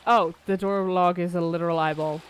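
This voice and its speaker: A woman's voice: on the low side, fairly even intonation, a little fast, slight background noise. A woman streaming a video game, chatting casually and wryly as she plays and reads aloud. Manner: chatty, wry, swears casually. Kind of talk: casual gameplay commentary.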